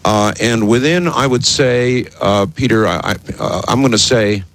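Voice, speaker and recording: A man's voice: mid-range voice, moderate pace, fairly bright tone, rough recording. A man hosting a late-night radio talk show, rambling with lots of ums and uhs. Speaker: radio host. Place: radio studio in the desert.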